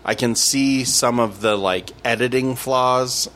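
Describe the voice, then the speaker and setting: A man co-hosting a podcast, talking casually about movies in a chatty way with halting restarts. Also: mid-range voice, steady tone, fairly bright tone. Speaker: podcast co-host. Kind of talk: casual movie review chat.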